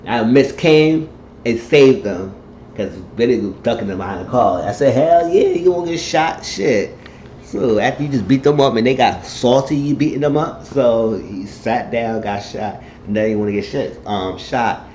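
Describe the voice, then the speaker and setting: Low-voiced man rambling through a recap. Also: moderate pace, darkish tone, slight background noise. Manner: rambling retelling that acts out the characters' lines in shifting voices. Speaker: TV show reviewer. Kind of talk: casual episode recap. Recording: dull, echoey room recording.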